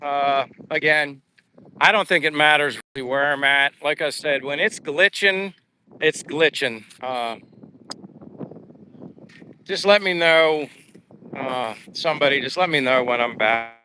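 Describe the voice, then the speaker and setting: A man's voice: on the high side, unhurried, pauses often, bright, forceful tone, a little hiss or hum. A man from the United States chatting casually on a live stream while out on his daily walk outdoors, reading viewer comments aloud with lots of fillers. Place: outdoors on a seaside boulevard.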